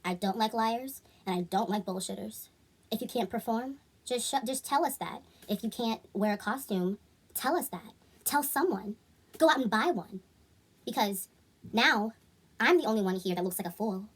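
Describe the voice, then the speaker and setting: A woman voicing her stern female manager, speaking in a husky, low and measured way. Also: animated. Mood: cold scolding. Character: stern grown woman manager, cold and scolding.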